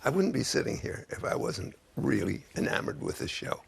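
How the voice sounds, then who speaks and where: A man in his eighties, a guest on a chat show, talking haltingly with many pauses to find his words. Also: medium pitch, very animated. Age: 80s. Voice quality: gravelly, husky. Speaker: guest songwriter. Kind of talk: casual chat show interview.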